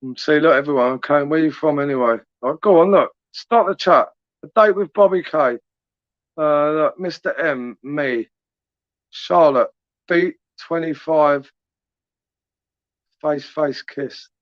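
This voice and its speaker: Rambling and teasing, a chatty man from southern England reads comments on his livestream in casual live chat. His fairly high voice is a little slow and pauses often; the recording is dry, dull, and lo-fi.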